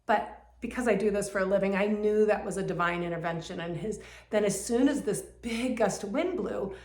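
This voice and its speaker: A woman who works as a Reiki healer, earnestly telling a heartfelt personal story. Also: mid-range voice. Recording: roomy echo.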